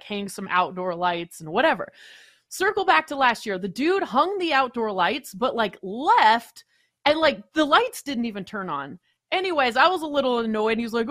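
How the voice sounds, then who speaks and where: A woman in her thirties ranting in casual chat, telling annoyed stories and mimicking people. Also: fairly bright tone. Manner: exasperated storytelling, mimics people in higher voice. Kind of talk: casual sports talk chat.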